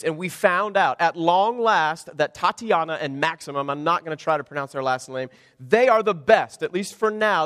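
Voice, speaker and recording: A man's voice: fairly high pitch, fairly bright tone. A man, a pastor, preaching a sermon in a conversational, wry way, piling up rhetorical questions. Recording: long hall reverb.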